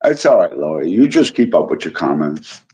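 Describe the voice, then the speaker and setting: With a deep, sing-song voice of darkish tone, the Illinois streamer moves at a moderate pace while reading comments in a laid-back live chat. He calls out viewers by name and teases them, and the recording comes across dull and lo-fi.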